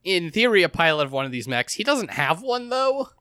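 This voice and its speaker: Lively, bright-voiced man joking around. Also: high-pitched, a little fast, clear, resonant tone, no echo, clean studio sound. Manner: animated, jokey, mocking. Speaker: podcast co-host. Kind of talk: casual gaming podcast chat.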